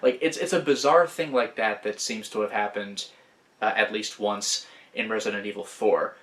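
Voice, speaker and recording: A man's voice: fairly low pitch, steady tone, a bit bright. Guy doing laid-back game commentary, rambly and chatty, trips over his words a bit. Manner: rambling, chatty, with quick restarts. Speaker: let's play host.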